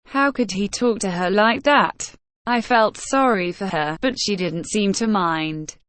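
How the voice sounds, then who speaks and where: A woman's voice: medium pitch, measured pace, fairly bright tone, no room sound. A woman reading a first-person story aloud at a careful pace meant for learners of English. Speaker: audiobook reader. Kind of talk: scripted first-person narration of a graded reader.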